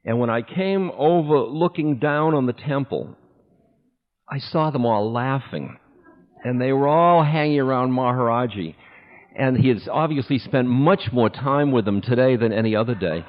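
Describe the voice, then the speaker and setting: A spiritual teacher, a man of middle pitch, tells a personal story with candor and easy laughter. His words ring out with a long reverb that trails through a large hall. The sound is thin and phone-like, as from an old lo-fi tape. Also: expressive. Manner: candid, unhurried, breaks into laughter.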